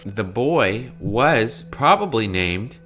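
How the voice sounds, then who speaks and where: Bright, goofy young man on a podcast. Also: lowish voice, sing-song, soft background music. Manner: goofy, teasing, quick to laugh. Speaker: podcast co-host. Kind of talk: casual comedic podcast chat.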